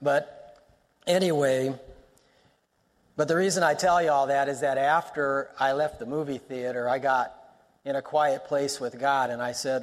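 A man's voice: medium pitch, fairly even intonation, moderate pace. A male pastor preaching a sermon, emphatic, repeating lines for stress and weaving in personal stories. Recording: long reverb of a large hall.

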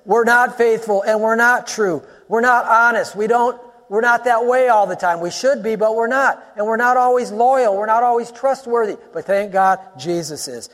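A man preaching a sermon as a pastor, in an animated teaching style with quick asides and rising exclamations. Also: sits high, big-room sound.

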